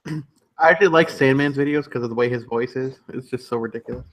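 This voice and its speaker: A man's voice: medium pitch, fairly quick. A man chatting on a livestream, telling gossipy stories and laughing often. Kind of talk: casual chat on a livestream.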